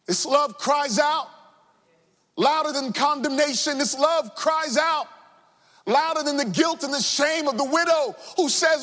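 A man preaching a sermon with impassioned delivery, sung cadences and shouted refrains. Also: very high voice, animated, a little slow. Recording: long hall reverb.

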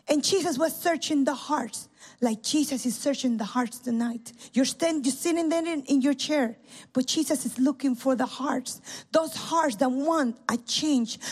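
A woman preaching a sermon at a church service, impassioned, swinging from loud cries to hushed tones. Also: high-pitched.

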